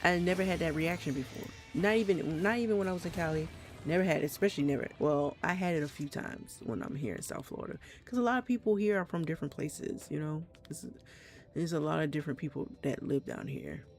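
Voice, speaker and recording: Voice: mid-range voice, lively intonation, quick pace, creaky, faint music behind. A streamer chatting casually during a live gameplay session, with a slight Trinidadian accent, rambling frankly and swearing freely with many restarts. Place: home, South Florida.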